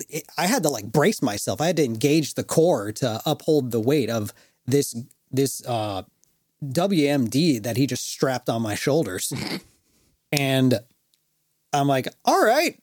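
A man co-hosting a podcast and telling a story in an animated, laughing way, full of fillers. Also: mid-range voice, normal speed, slightly rough, no echo, clean studio sound. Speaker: podcast co-host. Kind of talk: casual storytelling chat.

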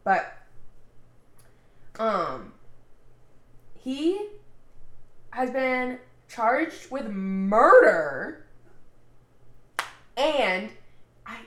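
Female podcast co-host, high and lively, casual swearing, hiccups, echoey room. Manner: animated, swearing, laughs while telling news.

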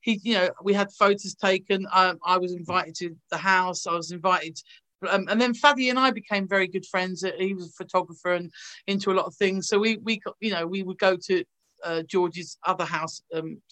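Woman from England, bright voice, animated storyteller, video call. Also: lowish voice, fairly quick. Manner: animated anecdote telling, acting out voices. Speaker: actress guest.

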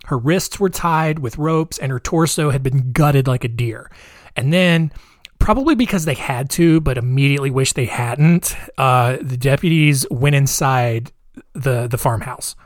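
A man's voice: mid-range voice, unhurried, no room sound, studio quality. A young man casually retelling a true-crime story, chatty, with fillers and personal asides.

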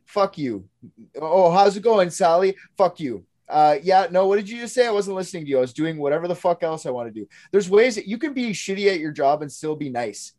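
A man's voice: high-pitched, animated, fast, few pauses, darkish tone. A man co-hosting a casual podcast, ranting in a heated, profane way about how people should be treated. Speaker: podcast co-host. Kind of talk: casual true-crime chat.

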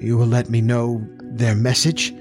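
A man's voice: flat delivery, measured pace, over music, close to an everyday voice. A man voicing a frightened, stammering doctor. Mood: nervous. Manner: hesitant, faltering, low-voiced.

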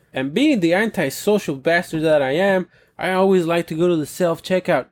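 A man's voice: fairly high pitch, normal speed. A young adult man hosting a podcast, delivering a rambling, profane comedic rant and often asking his listeners questions. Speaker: podcast host.

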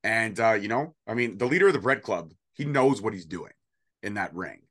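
Joking low-voiced man predicting wrestling. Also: expressive, a little fast, fairly bright tone. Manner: joking, rambling, sarcastic asides. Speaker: podcast co-host. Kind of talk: casual wrestling prediction chat.

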